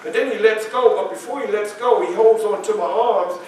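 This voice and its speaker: An actor playing Frederick Douglass, telling his story in a first-person stage monologue with emphatic, dramatic pauses. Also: high-pitched, a little mellow, slight background noise, close to an everyday voice. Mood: earnest. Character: Frederick Douglass, adult male statesman recounting his life. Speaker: historical reenactor. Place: library meeting room, live audience. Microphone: far camera. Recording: echoey room from far off, faint ambience.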